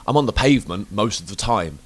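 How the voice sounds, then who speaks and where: A man hosting a podcast, chatting casually and ranting with lots of swearing and loud bursts of emphasis. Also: lowish voice, lively intonation, brisk. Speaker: podcast host. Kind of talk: casual chat.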